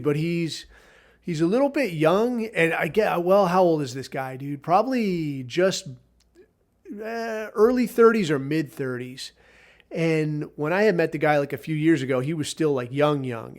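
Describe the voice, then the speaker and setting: A man hosting a podcast, telling a rambling story in a casual, profane, sardonic way. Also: on the high side. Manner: rambling, heavy swearing, sardonic. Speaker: podcast host.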